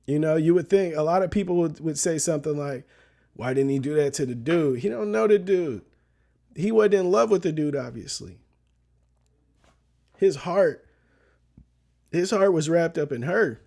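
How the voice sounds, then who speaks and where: Slangy man telling a story, higher voice. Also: animated, moderate pace, vocal fry, long pauses, dark tone. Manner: slangy, loose, keeps asking "you know what I mean". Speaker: vlogger. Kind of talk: casual storytelling commentary.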